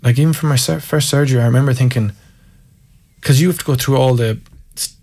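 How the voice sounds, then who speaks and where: With a mellow, mid-range voice and a fast delivery, this Irish ex-Gaelic footballer from County Mayo shares frank, self-deprecating anecdotes and open reflections as a conversational guest.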